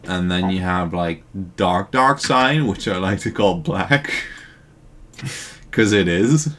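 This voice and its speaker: Deep, slow-talking man with dry teasing humor. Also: animated, fairly bright tone. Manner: dry, teasing, pedantic jokes. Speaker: co-op gaming partner. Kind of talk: casual co-op gameplay chat.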